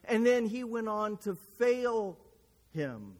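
A man's voice: high voice, very animated, slow, darkish tone, long reverb tail. A man preaching a sermon, retelling a scripture story earnestly and pressing his listeners with rhetorical questions.

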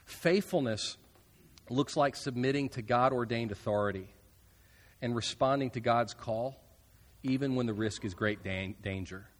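A man preaching a sermon, earnest with casual asides, trailing off softly at the ends of phrases. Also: medium pitch, a little slow, big-room sound. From United States. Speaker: pastor.

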